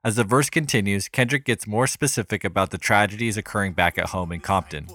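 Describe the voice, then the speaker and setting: A man hosting a podcast, reading a scripted music analysis in a measured, even way. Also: on the low side, no room sound, clean studio sound. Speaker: podcast host.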